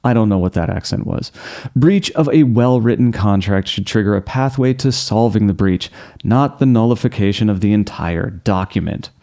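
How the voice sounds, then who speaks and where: Guy hosting a scripted explainer, mellow darkish voice, dry sarcastic asides. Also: moderate pace. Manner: wry, sarcastic asides with sudden jumps in pitch. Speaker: host.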